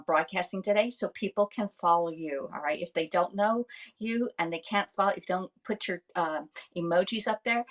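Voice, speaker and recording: A woman hosting a casual live cooking demo from her home kitchen, filmed on a phone camera. She chats with viewers, thanks them by name and keeps tagging "all right?" onto her sentences. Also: on the low side. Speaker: live-stream host selling kitchenware.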